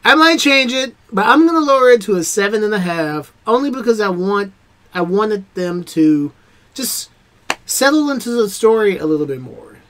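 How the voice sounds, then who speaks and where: A man's voice: high voice, lively intonation, normal speed, fairly bright tone. A man hosting a reaction video, giving a casual spoken review that rambles with hesitations, fillers and restarts.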